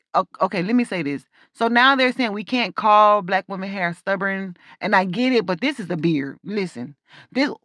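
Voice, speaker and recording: A woman's voice: mid-range voice, fairly bright tone, dry recording, studio quality. A woman waxing esthetician giving chatty, emphatic voice-over commentary on her work, with rambling asides.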